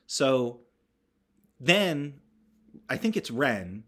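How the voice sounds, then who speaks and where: A man's voice: medium pitch, sing-song, slow pace, pauses often, sharp tone. A man casually recapping a horror movie, rambling with wry asides and self-corrections.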